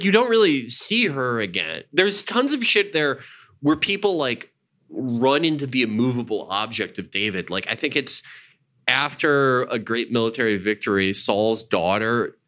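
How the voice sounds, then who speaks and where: A man's voice: medium pitch, expressive, moderate pace, bright, forceful tone. A man in casual conversation, talking animatedly about old stories, swearing freely and acting out quotes. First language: Jewish identity not a language. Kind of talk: casual chat.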